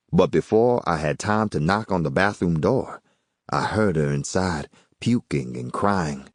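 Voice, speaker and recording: A man narrates a first-person audiobook in a very deep voice. His pitch rises and falls expressively as he tells the story. The sound is dry and close to the mic. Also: dry recording.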